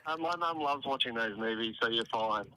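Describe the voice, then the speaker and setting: A man's voice: medium pitch, moderate pace, crowd noise, low-quality recording. An Australian man calling into a live stream, with dry, teasing banter. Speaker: caller. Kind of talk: casual phone call-in.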